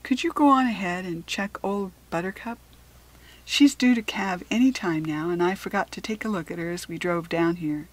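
A woman reading the lines of a middle-aged farmer father in a storybook, with a raised, hearty delivery and a breathy voice. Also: lowish voice, normal speed, natural voice.

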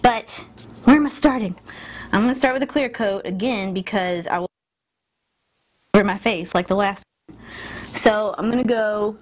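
A woman's voice: mid-range voice, normal speed, long pauses. A woman chatting casually through a self-filmed lash tutorial, stopping herself mid-sentence and laughing at her own slips while she works. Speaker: beauty vlogger. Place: indoors at a mirror.

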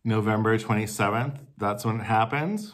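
A man in character as a supportive friend in a comedy sketch, gushing and emphatic, coaxing sympathetically, then swearing in indignant bursts. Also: lowish voice. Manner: gushing, emphatic and profane, with drawn-out stressed phrases. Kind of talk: comedic sketch monologue to the camera. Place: home, where he lives in the city.

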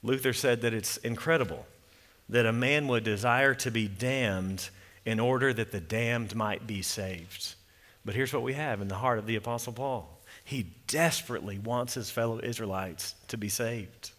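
A man preaching an earnest expository sermon as pastor, reading scripture slowly and softly. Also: mid-range voice, in a large hall. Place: church sanctuary.

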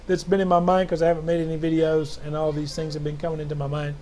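A man's voice: a little high, completely flat delivery, fast talker, darkish tone, slight background noise. Fervent, rambling American preacher man. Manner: rambling, fervent, rising to emphatic bursts on scripture. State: tired, jet lagged. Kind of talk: informal video sermon.

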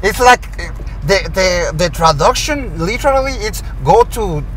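A man's voice: high voice, animated, unhurried, background noise. A Mexican man hosting a casual interview in a car, mixing English and Spanish and laughing often. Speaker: host.

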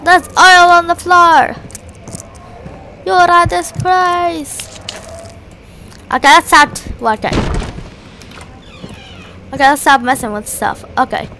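A woman's voice: high-pitched, animated, a little slow, pauses often, bright, forceful tone, a little hiss or hum. A woman giving playful, jokey let's play commentary, talking to the objects in the game. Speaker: gamer.

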